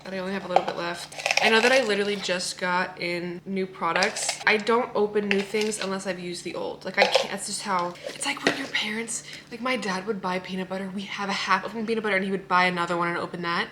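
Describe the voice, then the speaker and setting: A woman's voice: mid-range voice, fairly even intonation, quick pace, heavy background noise. A young woman and fitness coach chatting casually to her phone camera in a vlog, bubbly and swearing now and then. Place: home, then car and gym.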